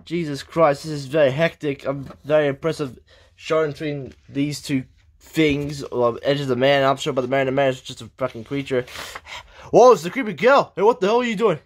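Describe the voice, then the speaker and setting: A man calling a wrestling match play by play, excitable, shouting in bursts and swearing. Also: fairly high pitch, fairly quick. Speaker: wrestling commentator.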